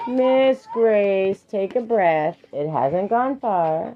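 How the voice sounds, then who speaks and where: A woman's voice: mid-range voice, expressive, slow pace, hardly any pauses, mellow, muffled recording. A woman streaming live, reading affirmations and firmly but patiently parenting her child in between, laughing often.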